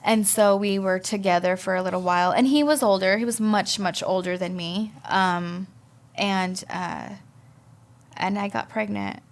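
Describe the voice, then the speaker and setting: A woman speaks as a podcast guest, sharing a personal testimony. Her voice has a gravelly, creaky edge and sits at a middling pitch. She talks haltingly and often repeats words as she works through her memories.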